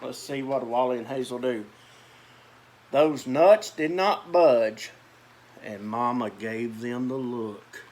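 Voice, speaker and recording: A man's voice: medium pitch, takes it slowly, a little mellow, slight background noise. A man reading a children's picture book aloud, with chatty asides about the pictures. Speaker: storyteller.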